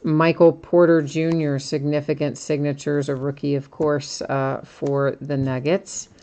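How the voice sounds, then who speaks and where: A woman hosting a live sports card break stream, talking through cards and the upcoming schedule in a chatty, steady way. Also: low-pitched, a little slow. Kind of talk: live stream product recap.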